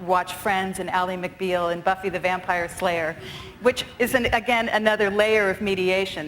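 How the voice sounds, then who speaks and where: A woman's voice: medium pitch, a bit bright, rough recording. Woman director doing a conference talk, mid voice, a bit of background noise. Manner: articulate, with occasional fillers. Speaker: theater director speaker. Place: conference stage.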